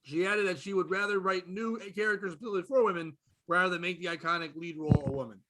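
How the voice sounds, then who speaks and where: A man with a fairly high voice hosts a comedy podcast. He rants with plenty of profanity, dropping into low mutters and then bursting out loud. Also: quick pace. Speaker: podcast host. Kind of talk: casual comedy podcast rant.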